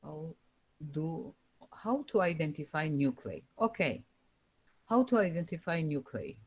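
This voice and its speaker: A woman with a very low voice gives a live online university lecture. She speaks slowly and haltingly, filling pauses with "uh" and "um" as she searches for words, through a computer microphone. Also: very animated, a little mellow, husky. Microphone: computer microphone over a video call.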